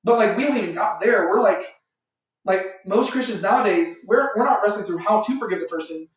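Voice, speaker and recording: A man's voice: sits high, a little fast. Man teaching in an echoey room. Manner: rambling, filler-heavy, animated, acts out imagined voices. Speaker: Bible study teacher. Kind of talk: informal Bible teaching to a small group. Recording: echoey room, far from the mic.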